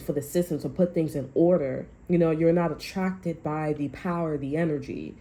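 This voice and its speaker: A tarot reader with a deep, warm voice gives viewers a casual reading, swearing freely. Her talk is chatty and loose, scattered with fillers and restarted sentences.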